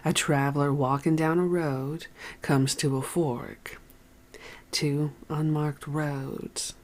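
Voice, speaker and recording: A reader voicing a philosophical man, a former prisoner, speaking in a calm, plain-spoken, reflective way. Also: medium pitch, takes it slowly, close to an everyday voice.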